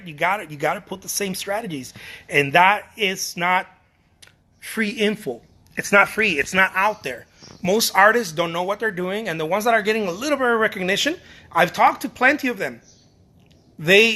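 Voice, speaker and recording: A man's voice: high-pitched, bright, forceful tone. A middle-aged man giving a casual motivational talk to fellow artists, emphatic and repetitive, often restarting his phrases and swearing casually.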